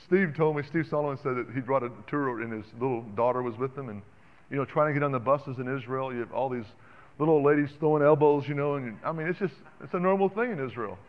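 A man preaching a sermon in an animated, conversational way, calling out to the congregation. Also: medium pitch, fast talker. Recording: dull sound with long reverb in a hall.

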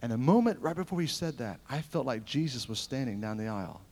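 A middle-aged man with a mid-range voice preaches at a revival service, talking fast. He tells personal stories with animation, swinging between loud, ringing lines and hushed ones.

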